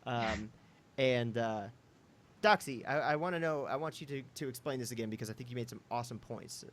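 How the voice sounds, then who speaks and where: A man's voice: mid-range voice, a little fast, fairly bright tone. A man hosting a casual podcast chat, rambling with many fillers and asides. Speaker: podcast host.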